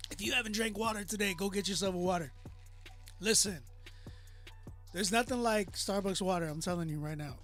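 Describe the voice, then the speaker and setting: A man hosts a live music review stream, hyping up the chat, speaking straight to viewers and calling for song submissions. His high-pitched, somewhat bright voice moves a little fast, with frequent pauses.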